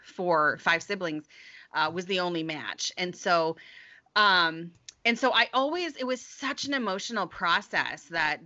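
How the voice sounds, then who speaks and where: A woman's voice: on the low side, sharp tone, lo-fi sound. A middle-aged woman author being interviewed, chatting casually, laughing often and restarting her sentences. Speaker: author guest.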